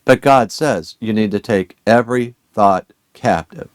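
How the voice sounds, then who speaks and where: A man's voice: fairly low pitch, measured pace, clean tone, no room sound. A man teaching a Bible study as a sermon, earnest and urging, asking his listeners many rhetorical questions.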